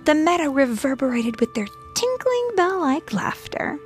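A woman's voice: high voice, soft background music. A woman reading a storybook aloud to a child, stopping now and then to chat about the story. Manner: slow, animated, stops to chat with the child.

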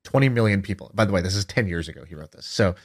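A man's voice: deep voice, racing. A man in his thirties co-hosting a casual podcast chat, telling a story with animation and acting out what people said. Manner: animated storytelling, acts out quoted voices. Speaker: podcast co-host.

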